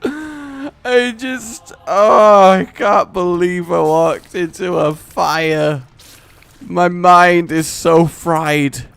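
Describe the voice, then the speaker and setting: A man giving let's play commentary, exasperated and given to sudden shouts and fits of laughter. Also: sits high, very slow, gravelly, clean tone, no room sound. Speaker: gaming commentator.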